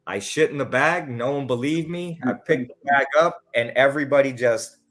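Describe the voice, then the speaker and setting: A man's voice: mid-range voice, moderate pace, slight background noise. A man, a podcast guest, telling casual stories with lots of swearing and acted-out quotes. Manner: animated, profane, acts out quotes. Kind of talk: casual storytelling.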